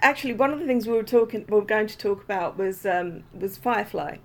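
A woman's voice: mid-range voice, fast talker. Woman podcast host, casual chat, rambling with fillers, video call. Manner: chatty, meandering, lots of fillers.

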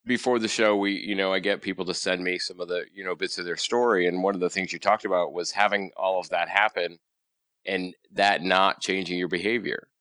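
A man with a very low voice hosts a podcast, raising a point about his guest's story. He speaks in a relaxed, halting way, and the sound is dry and close. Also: no room sound. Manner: relaxed, searching for words. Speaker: podcast host. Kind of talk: interview question.

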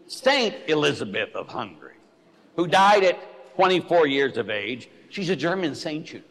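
Lively, blunt joking priest preaching. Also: male voice, on the high side, moderate pace. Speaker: Catholic priest. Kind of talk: sermon. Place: church. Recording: echoey church hall.

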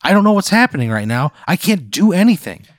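Brief: higher-voiced man, profane and indignant comic ranting, dry close sound. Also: big pitch swings, quick pace, dry recording. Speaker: podcast co-host. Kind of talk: comedic podcast banter.

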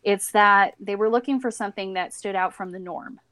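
A woman's voice: mid-range voice, a little fast, a bit bright, no echo. A woman co-hosting a podcast, explaining things in casual political chat, with hesitant restarts and occasional laughs. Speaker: podcast co-host.

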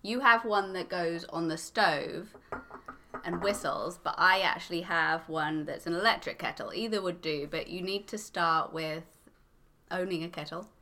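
A woman's voice: fairly low pitch, measured pace, bright, forceful tone, slight background noise. A woman from England, a podcast guest, explaining step by step in a matter-of-fact casual chat.

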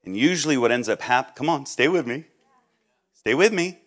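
A man preaching a sermon as a guest speaker, joking and acting out the people he quotes, then dropping low and quiet for serious points. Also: normal speed. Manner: animated, jokey, acts out quoted people.

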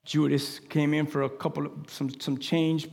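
A male pastor delivers an animated, rambling sermon to his congregation, with talkative asides. His voice sits a little high and leaps from loud exclamations down to hushed near-whispers. The sound carries the long reverb of a large church sanctuary. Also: moderate pace, creaky.

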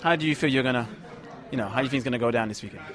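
A man's voice: mid-range voice, racing, a bit bright. A man hosting a wrestling chat show and interviewing a guest, eager and rambling with lots of fillers.

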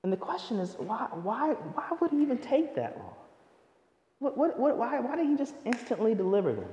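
A man's voice: mid-range voice, warm tone, echoey room, big-room sound. A male pastor preaching a sermon in an emphatic, conversational way with touches of humor.

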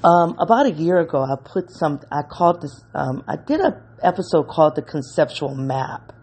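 A podcast host giving a reflective solo monologue, emotional and halting, often stopping to search for words and correct themselves. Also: mid-range voice, very animated, a little mellow, breathy edge.

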